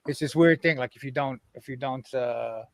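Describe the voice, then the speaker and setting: A man's voice: mid-range voice, normal speed, no room sound. A man playing as a contestant on an online game show, rambling through a story with swearing. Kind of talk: casual banter.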